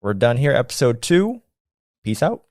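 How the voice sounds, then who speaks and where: Animated podcast co-host, lively voice. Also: male voice, mid-range voice, normal speed, dry recording, studio quality. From United States. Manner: animated, joking, thinks aloud. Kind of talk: casual chat.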